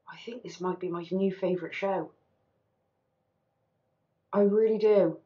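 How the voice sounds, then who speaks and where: A woman's voice: mid-range voice, dull audio. A woman hosting a TV reaction channel, talking candidly and with animation, swearing casually as she reacts.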